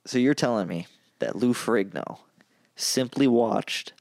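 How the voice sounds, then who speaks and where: Gravelly, calm man joking around. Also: mid-range voice, a little slow, no echo. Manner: calm, teasing, laughs often. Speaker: podcast co-host. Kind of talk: casual chat.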